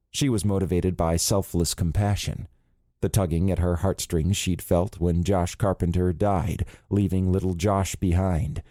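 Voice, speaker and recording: Calm male thriller narrator, very deep and mellow, dry close sound. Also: dry recording. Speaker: audiobook narrator. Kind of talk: scripted narration.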